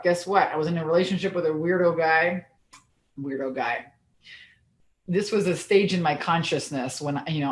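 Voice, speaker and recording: Blunt, energetic woman coach, echoey room. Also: low-pitched. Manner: energetic, blunt, swears casually. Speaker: business and mindset coach. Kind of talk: motivational vlog talk.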